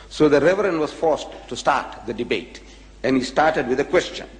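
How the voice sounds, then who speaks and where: A male lecturer tells a story and throws himself into every quote. His voice sits fairly high for a man, and the recording carries the long echo of a lecture hall. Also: big pitch swings, normal speed, pauses often. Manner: dramatic, acts out the quotes.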